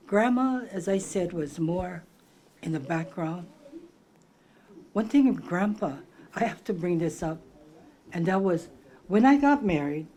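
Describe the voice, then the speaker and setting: With a warm voice on the low side, an older Hawaiian woman reminisces conversationally about her grandparents, speaking in Pidgin-tinged English. She wanders from thought to thought and searches for words, and there's a slight hiss or hum on the recording.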